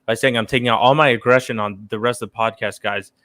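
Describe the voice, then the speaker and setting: A man's voice: medium pitch, steady tone, fast talker, a bit bright. A man co-hosting a casual sports podcast, joking and playfully combative. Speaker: podcast co-host.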